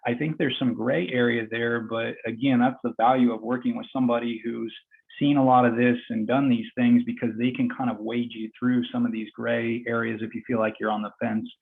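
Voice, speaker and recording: A physical therapist speaking while doing an exercise demonstration, slightly out of breath, plain and encouraging. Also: male voice, medium pitch, flat delivery, fairly quick, vocal fry, husky, phone-quality sound. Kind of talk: instructive explanation during a live demo.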